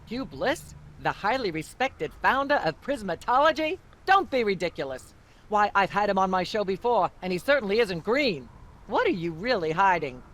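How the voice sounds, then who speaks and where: A woman's voice: mid-range voice, very animated, moderate pace, a bit bright, slight background noise. An actress voicing a haughty, pompous middle-aged woman talk-show host in a comedy game. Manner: haughty, droning, endlessly ranting.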